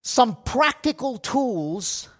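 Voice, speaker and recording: A man preaching a sermon, slow and emphatic, with pauses between phrases. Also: very high voice, big pitch swings, a bit bright. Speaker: pastor. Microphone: livestream setup.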